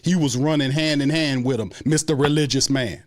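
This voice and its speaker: A man's voice: medium pitch, a little fast. A man hosting a sports show, delivering an angry, profane fan rant full of repeated complaints. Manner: angry, profane, repetitive ranting.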